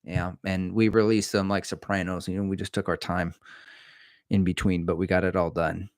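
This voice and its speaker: A man's voice: deep voice, flat delivery, moderate pace, no echo, studio quality. A middle-aged man hosting a casual livestream, rambling and joking as he reads viewer comments aloud. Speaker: livestream host answering chat. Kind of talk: casual live-stream chat.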